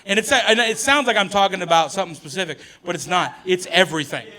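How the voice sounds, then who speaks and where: A man's voice: sits high, fast, pushed and bright. A male stand-up comedian telling jokes on stage, chatty and self-correcting, often laughing through his lines. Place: comedy stage before an audience.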